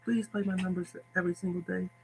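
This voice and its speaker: A man putting on a soft, high, breathy gentle voice. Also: steady tone, fast talker, soft background music, low-quality recording. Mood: soft pleading. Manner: soft, pleading, sweet.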